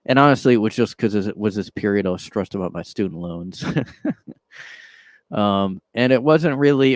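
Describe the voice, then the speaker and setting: A man's voice: lowish voice, darkish tone, no room sound. A man hosting a solo podcast from his own room, rambling through casual commentary in a sarcastic tone with lots of filler words. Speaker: podcast host.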